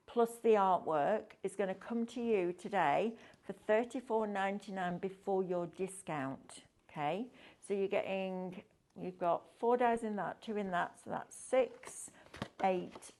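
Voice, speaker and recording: A woman's voice: mid-range voice, darkish tone. Chatty woman selling crafts. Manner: upbeat, enthusiastic, chatty with frequent tag questions. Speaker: craft shopping show presenter. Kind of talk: chatty live sales demonstration.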